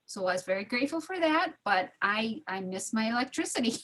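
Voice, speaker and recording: A middle-aged woman talks in a casual, chatty way, with a voice pitched a little high. She laughs easily and acts out the people in her story. The sound is that of a video call. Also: very animated, a little fast, fairly bright tone. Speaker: study group participant. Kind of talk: casual storytelling in an online group.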